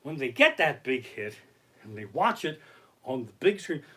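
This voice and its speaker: A comedian rants in a bright, animated voice, swearing constantly and sounding exasperated. His pitch swings widely as he builds each complaint. He streams the show live from his living room. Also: moderate pace, breathy edge. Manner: profane, ranting, exasperated. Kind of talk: live-streamed stand-up rant.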